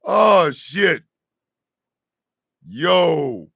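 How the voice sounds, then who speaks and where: A high, gravelly-voiced man hosts a morning radio show. He riffs loud and slangy, bursting into shouts and laughter. His voice swings widely and sits dry and close in the studio. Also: expressive, drawn-out words, long pauses, no room sound. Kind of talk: riffing comedic radio talk.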